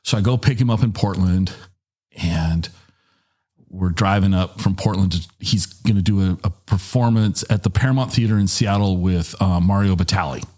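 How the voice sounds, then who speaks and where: A middle-aged man tells a story in a relaxed, lively way. His voice is low and husky, and he jumps higher when he quotes others. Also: normal speed. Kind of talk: casual storytelling.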